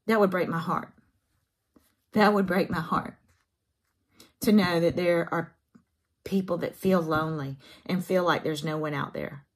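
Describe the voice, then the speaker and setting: A woman's voice: fairly low pitch, husky. A woman, chatting casually to camera as a craft vlogger in her home craft room, folksy and emotional.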